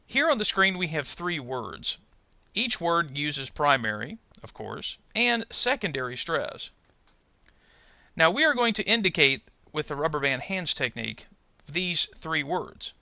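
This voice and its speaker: Gravelly, bright-toned man teaching pronunciation. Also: fairly high pitch, very animated, no echo. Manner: measured, explanatory, careful. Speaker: adult ESL pronunciation teacher. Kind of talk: instructional narration.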